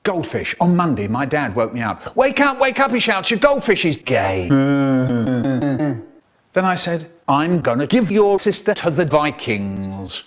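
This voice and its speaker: Theatrical storyteller man, slow and lively. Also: mid-range voice. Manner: theatrical, with playful mock voices and exaggerated timing. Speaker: children's poet and storyteller. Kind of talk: performing poems and stories, chopped into a comic remix.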